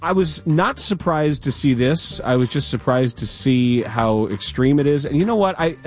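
A man co-hosting a sports talk radio show, speaking in a measured, emphatic way. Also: mid-range voice, lively intonation, faint music behind. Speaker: radio co-host.

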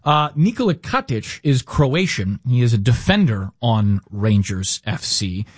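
A man's voice: mid-range voice, very animated, measured pace, breathy edge, no echo. A man hosting a casual sports talk show, setting up stories with emphatic, wry banter. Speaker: podcast host.

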